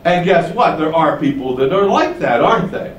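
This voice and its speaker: A man's voice: on the high side, lively intonation, normal speed, reverberant, recorded from a distance, highs cut off, slight background noise. A man preaching an expository sermon in a conversational way, often asking rhetorical questions and building up emphasis. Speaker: pastor.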